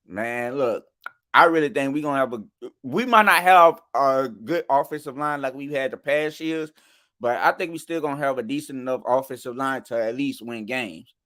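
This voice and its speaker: With a medium-pitched, bright, forceful voice at a moderate pace, a man co-hosting a casual sports podcast rambles on about college football. He restarts frequently and keeps checking in with "you know what I'm saying."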